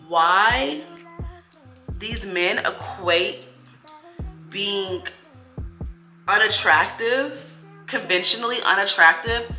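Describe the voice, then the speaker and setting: Bright-voiced young woman chatting to camera. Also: lowish voice. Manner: candid, talks straight to her viewers. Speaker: beauty vlogger answering viewer questions. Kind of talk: casual chat to camera. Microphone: camera mic while doing her hair. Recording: echoey room with faint music.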